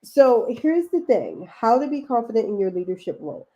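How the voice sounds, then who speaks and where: A woman's voice: on the high side, sing-song, moderate pace, mellow, muffled recording. A woman with a Baltimore accent giving a chatty, encouraging live-stream coaching talk to her viewers. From Baltimore, United States. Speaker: leadership career coach.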